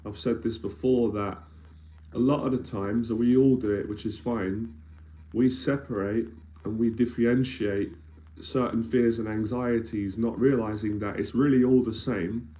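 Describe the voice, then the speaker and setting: A man's voice: mid-range voice, steady tone, moderate pace, mellow. A man, an anxiety mentor speaking earnestly and emphatically in a live-streamed talk, often repeating phrases as he builds a point. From London, England.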